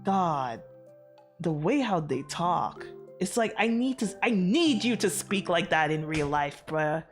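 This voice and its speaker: A woman's voice: lowish voice, animated, slow, soft background music. A woman streamer chatting casually to her viewers, rambling with many fillers and frequent swearing, from outside America. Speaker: VTuber streamer.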